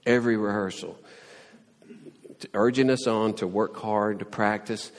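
A man's voice: lowish voice, steady tone, moderate pace, long pauses, long reverb tail. A man preaching a sermon in an earnest, conversational way, often quoting prayers and scripture. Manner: earnest, with frequent restarts and quoted prayers. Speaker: pastor.

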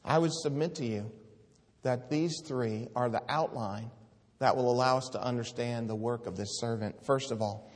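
A man's voice: mid-range voice, normal speed, in a large hall. A man preaching a sermon, earnest and pleading, reading scripture aloud with rising force.

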